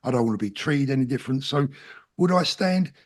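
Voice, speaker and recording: A man's voice: mid-range voice, expressive, a little fast. Earnest plain-spoken South London man. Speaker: guest. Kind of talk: casual interview talk.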